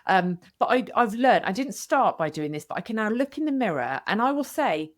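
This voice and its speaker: A woman's voice: a little high, animated, brisk, hardly any pauses. A middle-aged woman speaking as a podcast guest, earnest and reflective, often restarting her sentences. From United Kingdom. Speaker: podcast guest, widow coach. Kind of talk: candid podcast conversation.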